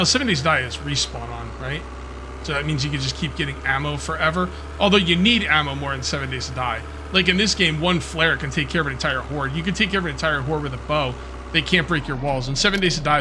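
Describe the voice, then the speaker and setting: A man's voice: on the high side, noisy background. A man from Central New Jersey with a New Jersey accent, chatting casually as he plays a game, thinking aloud with restarts and fillers. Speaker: gaming channel host. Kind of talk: casual let's-play commentary.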